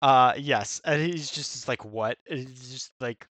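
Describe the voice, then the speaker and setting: Male co-host, upbeat and bright-toned, dry close mic, performs quotes with playful voices. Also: mid-range voice, moderate pace, no echo. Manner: animated, acts out lines in character voices. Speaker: podcast co-host. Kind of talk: casual chat.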